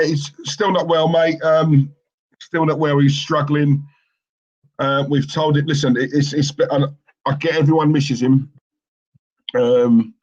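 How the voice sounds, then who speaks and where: On a lo-fi stream, a man with a slightly high voice co-hosts a football watchalong. He rambles through viewer comments, voicing strong opinions between fillers and false starts.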